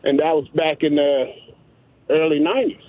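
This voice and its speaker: A man calling in to a radio show, earnest and hesitant, pausing often with fillers. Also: fairly high pitch, dry recording. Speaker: radio caller. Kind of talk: call-in radio talk. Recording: tinny phone line.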